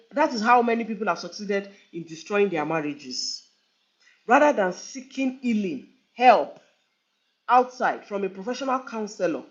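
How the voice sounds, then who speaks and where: A woman giving a live online talk, earnest and conversational, repeating phrases for emphasis. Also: medium pitch. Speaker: relationship speaker. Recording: dull lo-fi online stream.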